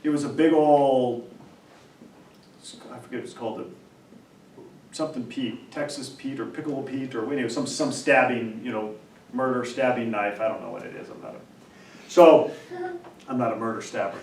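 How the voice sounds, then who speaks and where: A man, a professor, talking in an animated, emphatic way and telling a story, often repeating and restarting words. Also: mid-range voice, normal speed, long pauses. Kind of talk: animated casual discussion and storytelling. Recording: roomy, distant mic, faint background noise.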